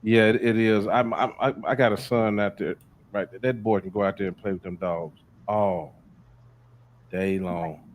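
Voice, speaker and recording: Man, podcast host, low voice, folksy casual chat, faint background noise. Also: normal speed. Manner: relaxed, folksy, with frequent restarts.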